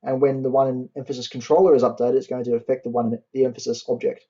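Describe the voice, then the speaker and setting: A young man tutors a programming class, talking through each line of code as he types it and slowing down to spell out syntax. His voice is mellow and dark. The recording sounds dull and lo-fi, with keyboard typing and clicking behind him. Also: mid-range voice, level tone. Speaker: university tutor. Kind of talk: coding tutorial.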